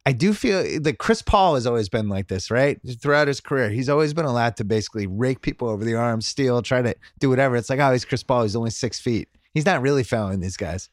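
Podcast host, man, mid pitch, opinionated casual sports talk, dry close mic. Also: expressive, fast, hardly any pauses, no room sound. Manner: opinionated, talks through points in short bursts.

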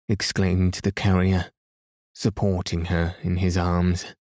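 Brief: low, mellow male narrator, calm bedtime reading, dry close sound. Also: no room sound. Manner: calm, gentle, unhurried. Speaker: podcast reader. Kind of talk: slow, soothing bedtime story reading.

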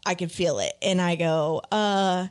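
A woman's voice: lowish voice, measured pace. A young adult woman co-hosting a podcast, telling a long story in casual chat and quoting others as she goes. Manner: animated storyteller, quotes her dad. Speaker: podcast co-host.

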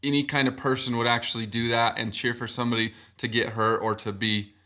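A man co-hosting a casual sports podcast, excitable, laughing often and stumbling over his words. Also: mid-range voice, fairly quick. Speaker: podcast co-host.

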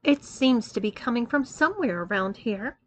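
A woman's voice: fairly high pitch, animated, normal speed, slight background noise, close to an everyday voice. A woman voicing a bold, domineering young female college student who talks in a confident, taunting, commanding way.

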